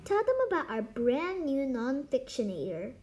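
A woman's voice: high-pitched, big pitch swings, normal speed, a little mellow. A woman voicing an eccentric showman librarian. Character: eccentric, showy male library owner.

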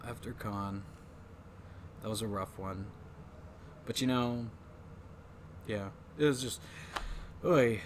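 A man hosting a casual movie podcast, talking in an animated way, swearing often and acting out voices. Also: fairly low pitch, slow pace, pauses often, slight background noise. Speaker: podcast host.

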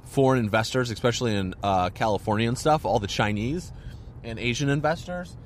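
A man's voice: medium pitch, brisk, slight background noise. Rambling man hosting a solo podcast. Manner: rambling, filler-heavy, many restarts. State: hiccups. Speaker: podcast host. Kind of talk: casual solo podcast monologue.

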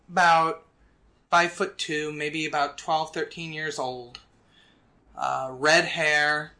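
A game master narrating an improvised tabletop role-playing scene in a relaxed, descriptive way with casual fillers. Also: mid-range voice.

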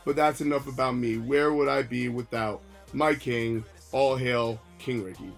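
A man co-hosting a casual podcast, full of hype-man energy and shout-outs. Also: medium pitch, fairly even intonation, a little slow, gravelly, soft background music. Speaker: podcast co-host.

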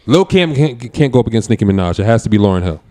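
Animated argumentative man. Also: lowish voice, racing. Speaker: podcast co-host. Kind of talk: casual debate chat.

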